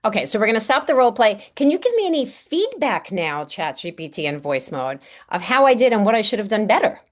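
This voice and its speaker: A woman's voice: medium pitch, very animated, a little fast. Upbeat woman coaching a workshop. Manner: upbeat, encouraging, chatty with fillers. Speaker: speaking coach running a workshop. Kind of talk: online workshop instruction.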